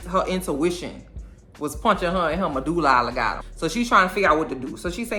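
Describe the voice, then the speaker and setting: Bright, sassy woman recapping a show. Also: fairly low pitch, brisk, soft background music. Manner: animated, sassy storytelling. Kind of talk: casual TV episode recap.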